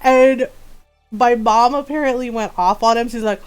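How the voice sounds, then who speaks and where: A woman streamer telling family stories in a casual, animated way, laughing often and quoting relatives. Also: fairly high pitch, moderate pace, smooth, faint music behind. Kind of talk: casual storytelling while gaming.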